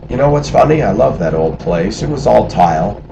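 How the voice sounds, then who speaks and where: A man's voice: fairly low pitch, animated, fairly quick, vocal fry. Middle-aged man, casual storytelling, acts out quoted voices, noisy background with passing traffic. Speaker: storyteller recalling life abroad.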